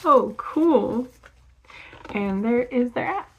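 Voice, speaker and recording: A young woman talks very slowly through an unboxing vlog, lingering over each word. She giggles often and slips into soft gasps and whispers when something delights her. Paper crinkles around her as she opens the package. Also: medium pitch, muffled recording. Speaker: vlogger.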